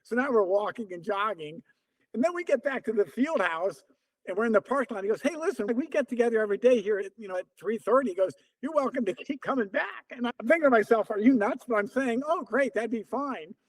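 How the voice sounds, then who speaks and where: A man around seventy telling stories in an interview, acting out remembered dialogue. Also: sits high. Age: about 70. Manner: lively, acts out remembered dialogue in quotes. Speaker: interview guest, veteran distance runner. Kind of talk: conversational storytelling.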